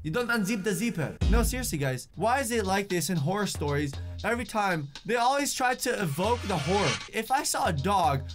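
High-voiced, excitable young man vlogging. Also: fairly quick, few pauses, over music. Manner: excitable, jumpy, chatty with many "like"s. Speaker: YouTube reaction host. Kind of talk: casual reaction commentary, reading a chat story aloud.

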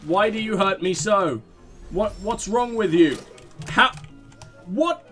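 A man hosting a let's play, giving excitable, self-mocking game commentary full of swearing. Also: sits high, slow pace, soft background music.

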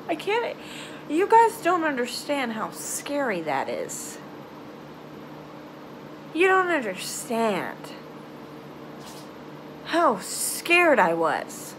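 Young female vlogger, storytime confessional, slow and halting, lively high voice, light background noise. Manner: halting, emotional, trails off into sighs and nervous laughs.

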